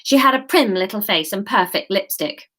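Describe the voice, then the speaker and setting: A woman reads her own novel aloud on a live stream. She is chatty and self-mocking, with an ordinary mid-pitched voice. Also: lively intonation, moderate pace, a bit bright. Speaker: author reading her novel on a livestream. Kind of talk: chatty live reading with asides.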